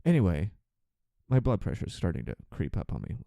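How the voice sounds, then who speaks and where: A man rants on a podcast about his flight attendant work, exasperated, sarcastic and swearing freely. His voice is mellow and dark, and it swings widely in pitch as he gets worked up. The recording is close and dry. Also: big pitch swings, gravelly, no room sound. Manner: acts out passengers in quick put-on voices. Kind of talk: ranting monologue.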